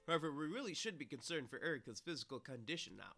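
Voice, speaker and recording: A man reads a visual novel aloud on a live stream, his voice bright and forward. Between passages he rants casually and swears, with no polish. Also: fairly high pitch, fast, few pauses. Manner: reads narration flatly, then swears and rants loudly. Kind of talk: casual let's-play reading and commentary.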